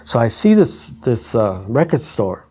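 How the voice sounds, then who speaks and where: A man's voice: medium pitch, measured pace, breathy edge. An older man, a retired trumpeter and instrument designer, telling stories and acting out the voices in them. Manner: animated, mimics voices in quoted dialogue. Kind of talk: anecdotal storytelling.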